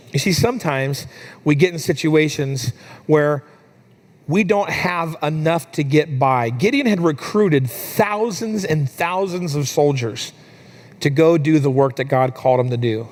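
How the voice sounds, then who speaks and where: A young adult man preaching a sermon in a church, telling a family story with lively, animated delivery. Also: a little high, measured pace. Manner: storytelling, animated when quoting his daughter. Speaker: pastor.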